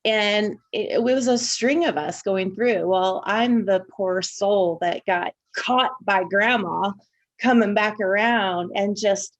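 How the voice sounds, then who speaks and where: A woman's voice: medium pitch, slow, muffled recording. A woman from Indiana, co-hosting a podcast, reflecting in casual conversation and telling personal stories at length. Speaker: podcast co-host.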